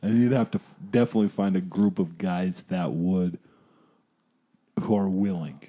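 Very dark, deep-voiced male interviewer. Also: moderate pace. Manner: agreeable, prompts with short replies. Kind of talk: casual chat.

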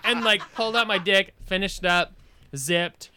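A man guesting on a podcast, telling a story in a casual, animated way, swearing freely and laughing as he goes. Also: sits high, normal speed, very noisy. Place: podcast studio.

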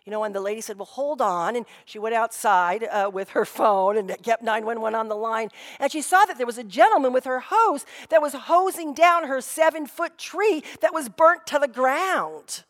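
A woman's voice: on the high side, moderate pace, hardly any pauses. A woman pastor giving a sermon in a conversational storytelling way, often saying "you know". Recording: long reverb of a hall.

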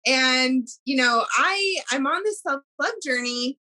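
A woman's voice: sits high, lively intonation, slow pace, sharp tone, low-quality recording. A woman hosting a podcast in casual interview chat, affirming her guest and reflecting openly. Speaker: podcast host.

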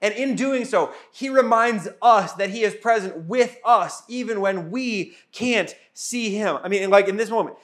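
A man preaching a sermon in a casual, animated way, retelling scenes and acting out quotes. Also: high voice, a little slow, few pauses. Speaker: pastor.

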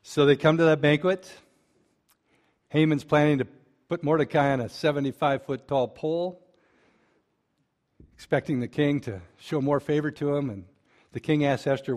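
A man preaching a sermon, retelling a story with lively asides to the congregation. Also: medium pitch, a little slow, pauses often. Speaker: pastor.

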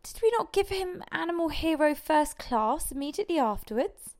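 A woman voicing a simple, loyal male cart-horse who speaks slowly and earnestly. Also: high-pitched, expressive, a little mellow, voice pushed up.

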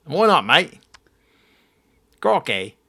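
A man's voice: a little high, very animated, very slow, vocal fry, pushed and bright, voice pushed up, exaggerated voice. A man doing a comic impression of a laid-back male artisan with a put-on Australian accent. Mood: breezy.

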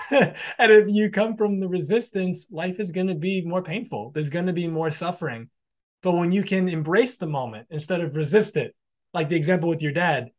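A man hosting a podcast, reflecting in a loose conversational way on a guest's story. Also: sits high. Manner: reflective, loose filler-heavy phrasing. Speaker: podcast host. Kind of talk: casual interview reflection.

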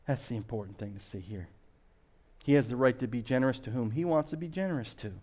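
A man preaching a sermon as pastor, swinging between loud emphasis and hushed asides. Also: medium pitch, fast.

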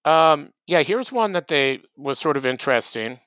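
Male comedy podcast co-host, mid-pitched smooth voice, deadpan and cocky, dry close mic. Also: moderate pace, dry recording. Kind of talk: casual comedic podcast banter.

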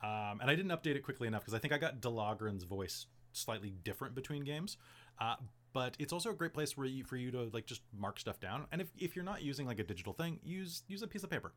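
A man in casual podcast talk, rambling through game-master advice with plenty of "like" and "um". His pitch swings up and down as he talks. The voice sits at an ordinary middle pitch. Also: animated, quick pace, fairly bright tone. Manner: chatty, rambling, heavy use of "like" and "um".

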